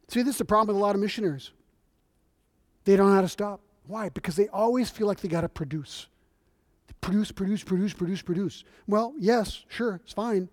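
A middle-aged man preaching a sermon in a church, in a conversational, animated storytelling manner. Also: sits high, no echo, studio quality. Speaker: visiting missionary preacher.

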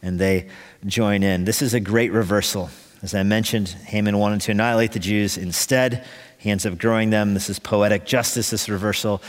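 A man's voice: fairly low pitch, fairly even intonation, normal speed. Man preaching in a reverberant hall. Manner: conversational, wry asides while preaching. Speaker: pastor. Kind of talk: sermon. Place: church sanctuary.

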